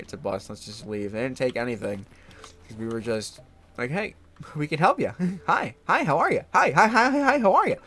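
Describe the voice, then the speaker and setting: A young adult man chatting casually about his week, laughing often and swearing, jumping into high voices when he quotes people. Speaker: gaming vlogger. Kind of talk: casual storytelling chat.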